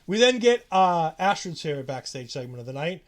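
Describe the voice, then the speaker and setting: Guy with a high voice recapping wrestling on a podcast, acts out all the quotes, trips over his words. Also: brisk. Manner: animated, acts out quotes, many restarts. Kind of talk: casual chat recapping a show.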